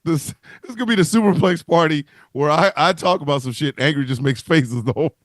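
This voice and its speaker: A man with a slightly high voice talks fast as he co-hosts a wrestling talk livestream, bantering casually over a video call. He's profane, joking and animated, and the recording is dry.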